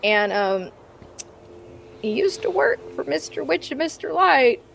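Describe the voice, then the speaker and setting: A woman's voice: high voice, very animated, a little slow, gravelly, fairly bright tone, a little hiss or hum. A woman playing in a tabletop game stream, chatting in a rambling, casual way full of ums. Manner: rambling, with frequent ums and laughs.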